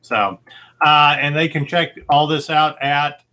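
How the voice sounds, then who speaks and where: A man's voice: fairly high pitch, slow pace, sharp tone. A man hosting a casual movie-quote game show, easygoing and rambling, with lots of fillers and chuckles. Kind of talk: casual chat.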